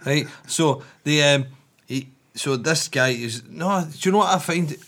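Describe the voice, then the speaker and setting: Scottish man, bright tense voice, teasing jokes, swears a lot. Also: on the high side, a little slow. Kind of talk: casual banter.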